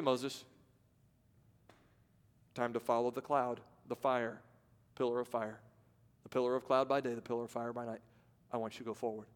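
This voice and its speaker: Preaching man in an echoey hall. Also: on the high side. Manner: dramatic swings from loud to hushed, acts out voices. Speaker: pastor. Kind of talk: sermon. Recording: long reverb of a large hall.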